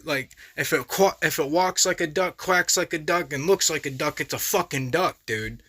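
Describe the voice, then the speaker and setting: A man's voice: a little high, normal speed, fairly bright tone. A young man hosting a reaction video, talking in heated, profane, exasperated casual commentary.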